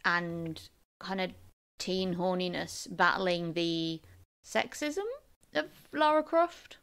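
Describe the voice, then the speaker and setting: A woman's voice: on the low side, slow, a bit bright, clean tone. A woman co-hosting a podcast, chatting casually with wry, teasing asides. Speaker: podcast co-host. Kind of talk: casual chat.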